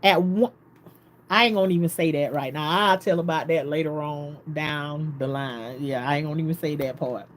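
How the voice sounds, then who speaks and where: A woman's voice: low voice, moderate pace, slight background noise. Woman telling a story, laughing often. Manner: animated storytelling, laughs often, quotes others. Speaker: vlogger. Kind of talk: casual storytelling.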